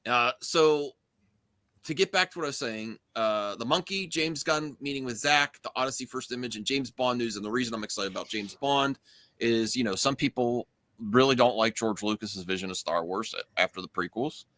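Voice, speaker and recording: A man's voice: mid-range voice, moderate pace, a bit bright. A man hosting a casual live-stream panel, rambling with fillers and restarts. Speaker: show host.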